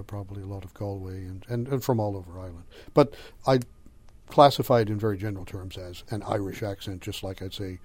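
Older man, measured and dark-voiced. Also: fairly low pitch. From Boston area. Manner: measured, thoughtful, lecturing. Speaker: interviewee, language scholar. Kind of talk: conversational interview answers.

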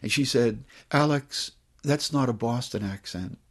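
A man's voice: mid-range voice, unhurried. A man with a working-class Medford, Massachusetts accent, a novelist telling stories in an interview. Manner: animated storyteller. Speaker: novelist guest. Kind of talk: anecdotal interview talk.

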